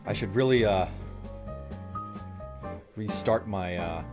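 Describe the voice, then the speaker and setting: A man's voice: lowish voice, takes it slowly, over music. A man streaming a game, chatting casually with his viewers and trailing off with fillers. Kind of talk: casual chat while playing a game.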